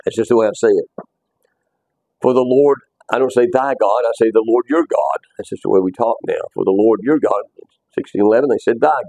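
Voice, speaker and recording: A man's voice: medium pitch, brisk, gravelly, dark tone, no echo, poor audio. A man teaching a bible class, talking conversationally, repeating himself and quizzing his students.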